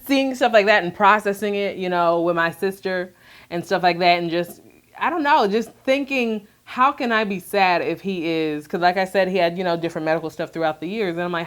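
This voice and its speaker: A woman talking candidly to camera in a soft, reflective way, with many fillers. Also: lowish voice. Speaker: vlogger sharing her grief. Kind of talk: candid personal talk to camera.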